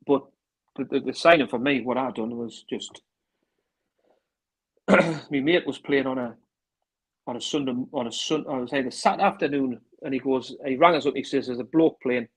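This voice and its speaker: A man with a North East English accent telling rambling football anecdotes, acting out old phone calls with a steady run of "I says". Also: mid-range voice, slightly rough, low-quality recording. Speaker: interview guest, former club manager.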